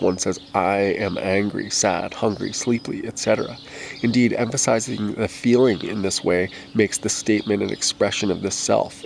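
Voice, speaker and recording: Gravelly-voiced man reading nonfiction aloud. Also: on the low side, darkish tone, slight background noise. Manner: measured, deliberate reading that stops to correct itself. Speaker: audiobook reader.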